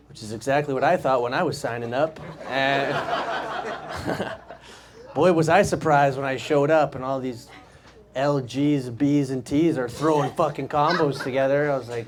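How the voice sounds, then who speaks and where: A man's voice: medium pitch, moderate pace, noisy background. A man, performing a casual stand-up set in a comedy club and laughing at his own jokes. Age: 20s. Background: audience laughter.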